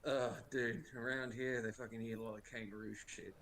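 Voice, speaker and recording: A man chatting on a stream, rambling and crude and quick to laugh. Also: medium pitch, little pitch movement, fairly bright tone. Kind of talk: casual chat.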